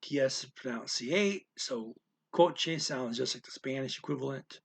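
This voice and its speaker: A man's voice: medium pitch, normal speed, gravelly, breathy edge. A man teaching a language lesson in an informal, explanatory way, with frequent fillers and restarts.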